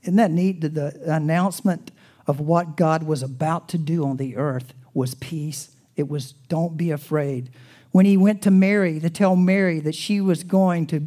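A man preaching a sermon as pastor, swinging from loud emphasis to hushed, almost whispered lines, and closing in soft, reverent prayer. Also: on the high side, moderate pace.

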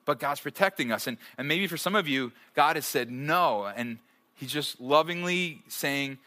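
Preaching conversationally to a live church crowd, this thirtysomething pastor keeps posing rhetorical checks and slipping in humorous asides. He has a fairly high, expressive voice, bright and pushed, at a moderate pace.

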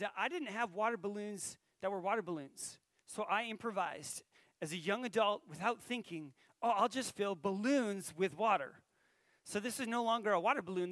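High-voiced man preaching. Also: a bit bright, no echo. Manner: conversational, storytelling, asks the audience questions. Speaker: pastor. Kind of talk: sermon.

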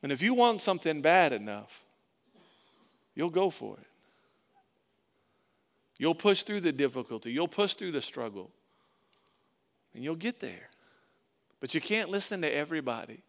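A pastor delivers a conversational sermon, his voice pitched slightly high for a man. He leans into emphatic, louder phrases, then drops into quiet, intimate asides. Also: sing-song, normal speed, pauses often. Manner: conversational preaching, rising to emphatic bursts then dropping soft.

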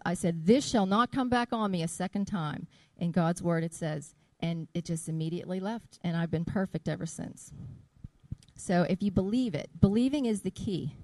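A middle-aged woman giving an earnest testimony about her healing, reading scripture slowly and deliberately. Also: medium pitch, dark tone, dry recording. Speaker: church member giving a testimony.

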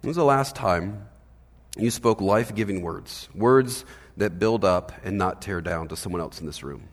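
A man's voice: deep voice, moderate pace. Conversational male pastor preaching in a hall. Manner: animated, conversational preaching with frequent "right?". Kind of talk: sermon. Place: church hall.

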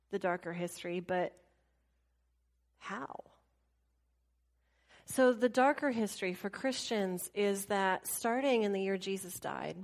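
A woman telling a travel story in a casual, animated way, laughing often, mimicking people and dropping into soft asides. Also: mid-range voice.

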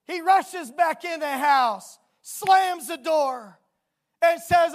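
A preacher delivering a sermon, telling a story dramatically and bursting into emphatic shouts. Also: very high-pitched, slow pace.

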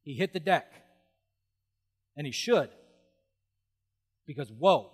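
A middle-aged male pastor preaching with lively humor and frequent exclamations of awe. His voice sits a little higher than most men's and rings with the long reverb of a big hall. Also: slow pace, husky. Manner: animated, humorous, exclaims "whoa". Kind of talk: sermon.

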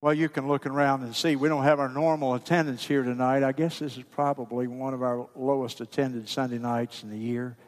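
A man preaching a sermon in a church, pleading and urging his congregation. His voice sits in a middle register and carries a long echo from the sanctuary. He swings between fervent urgency and a soft, hushed delivery. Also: mid-range voice, fairly even intonation, brisk, few pauses. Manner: impassioned, pleading preacher who drops to a hushed voice. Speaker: pastor. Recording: long hall reverb.

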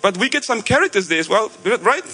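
High-voiced Australian man preaching. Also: very animated, fairly quick, sharp tone, slightly rough, soft background music, low-quality recording. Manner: conversational storytelling with frequent fillers and restarts. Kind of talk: sermon.

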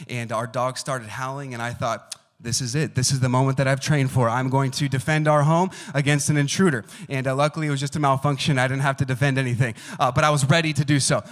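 A man's voice: mid-range voice, fairly bright tone. A man in his thirties or younger preaching a sermon as pastor, talking casually with many fillers and asking his listeners questions. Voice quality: conversational, uses acted quotes and asides.

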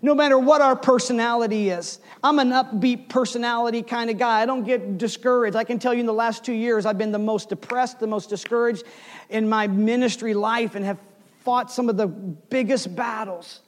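A man in his forties preaching a sermon, telling a story with swings between loud bursts and hushed asides. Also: extremely high pitch, fairly even intonation, moderate pace, in a large hall. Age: 40s. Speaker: pastor.

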